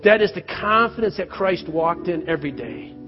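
Middle-aged man, pastor, earnest sermon and prayer, higher-pitched voice, lo-fi church recording. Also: lively intonation, moderate pace. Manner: earnest, rises loud when acting out quoted cries. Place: church sanctuary. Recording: roomy church reverb, dull lo-fi sound, soft music behind.

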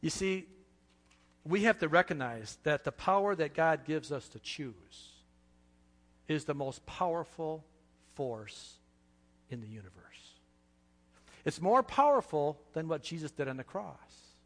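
A man preaching a sermon with passion, dropping to a hush and then rising loud, in a church. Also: a little high, big pitch swings, a little slow, pauses often, big-room sound. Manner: impassioned, swings from hushed to loud. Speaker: pastor.

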